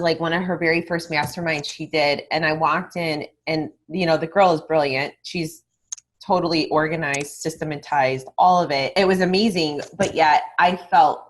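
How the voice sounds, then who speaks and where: A woman with a somewhat low voice talks on a podcast as a guest in candid, lively conversation. She swears without fuss and drops into quick acted-out snippets of past conversations, then carries straight on. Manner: candid and animated, swears freely; acts out remembered conversations. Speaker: guest, online marketing mentor. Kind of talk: casual interview talk.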